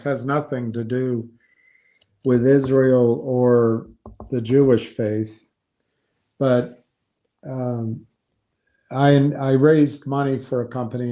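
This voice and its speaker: A man's voice: medium pitch, dark tone. A man giving casual, skeptical commentary on investing, thinking aloud and reading from a website.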